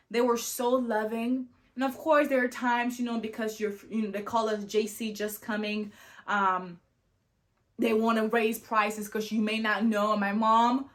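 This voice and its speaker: Young woman vlogging, kinda high voice, super animated, keeps saying like and you know. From family from Sierra Leone, raised abroad. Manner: animated, lots of "like" and "you know", acts out quoted dialogue. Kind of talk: casual storytelling to camera.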